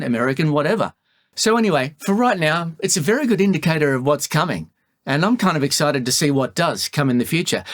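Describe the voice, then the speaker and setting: A middle-aged Australian voiceover artist talking casually in a video, thinking aloud as he reviews something. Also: medium pitch.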